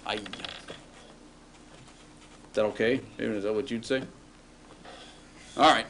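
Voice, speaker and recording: A man's voice: fairly low pitch, steady tone, slow pace, a bit bright, a little hiss or hum. A man teaching a classroom lecture, patiently asking students questions and drawing out words as he explains.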